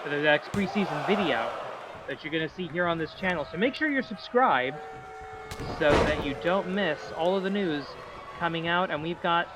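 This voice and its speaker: A man calling a wrestling match as play-by-play commentator, dramatic and hype-building, rising to shouts on big moves. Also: high-pitched. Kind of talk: live-style wrestling commentary.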